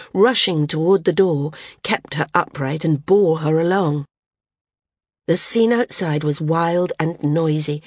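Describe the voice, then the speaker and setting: A woman narrating a fantasy novel in a measured, even storytelling manner. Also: fairly low pitch, husky, no echo, clean studio sound. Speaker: audiobook narrator. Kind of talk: scripted narration.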